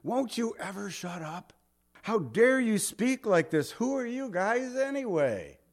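A man's voice: high-pitched, very animated, a little slow, pitched above the performer's own voice, exaggerated voice. A man voicing an exasperated suffering man who lashes out at his friends with indignant questions.

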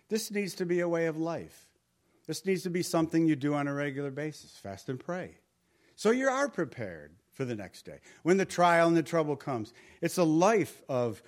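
A man preaching a sermon in a conversational way, posing rhetorical questions and dropping soft and low on his tag lines. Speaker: pastor.

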